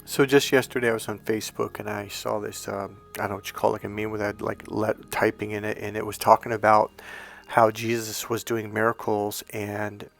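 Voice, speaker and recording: A man's voice: fairly low pitch, little pitch movement, a little fast, vocal fry, a bit bright, faint music behind. A man, a coach, telling a personal story in an earnest, rambling way, often correcting himself mid-sentence. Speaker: dating and healing coach.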